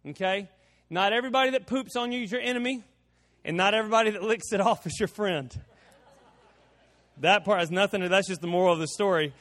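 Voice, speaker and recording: A man preaching a sermon, telling a homespun story with repeated words and slow, drawn-out emphasis. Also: sits high, fairly bright tone, big-room sound. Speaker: pastor.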